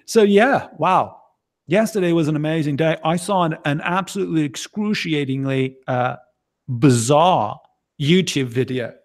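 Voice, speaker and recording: A man chats loosely on a stream, talking in a fairly high voice with a gravelly edge of vocal fry. He rambles, jokes and teases his co-host. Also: normal speed. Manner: jokey, rambling, teasing co-host. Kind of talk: casual banter on a livestream.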